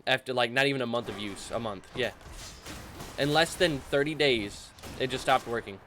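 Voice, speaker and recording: A young man chatting casually in a rambling, animated way while playing a video game for his channel. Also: medium pitch, normal speed, slight background noise. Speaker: gaming channel host. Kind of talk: casual let's-play commentary.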